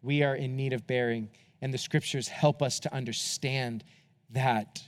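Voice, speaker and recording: A man preaching a sermon as pastor, earnest and moving from impassioned appeals to hushed, quiet closing words. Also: medium pitch, steady tone, a little slow, clear, resonant tone, long reverb tail.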